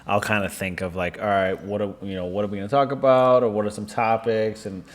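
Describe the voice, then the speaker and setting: Casting note: male podcast co-host, lowish voice, easygoing, cusses and laughs a lot. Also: fairly even intonation, brisk. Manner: laid-back, swears, laughs often. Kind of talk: casual chat.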